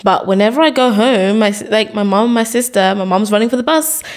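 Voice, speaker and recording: A woman's voice: medium pitch, a little fast. A woman, a guest in a casual interview, talking animatedly. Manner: animated, acts out quotes in lively voices. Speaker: podcast guest.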